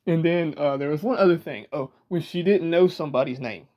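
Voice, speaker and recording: A man's voice: fairly high pitch, a little fast, dull audio. A man from Georgia with a Southern accent, talking casually to the camera and chatting about regional accents with rambling asides and laughs. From Georgia, USA.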